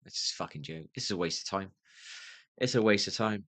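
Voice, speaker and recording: During a rambling livestream monologue, a gamer in his fifties mutters away to himself, worn out and yawning. The voice is deep yet a bit bright, animated and fairly quick, with no echo.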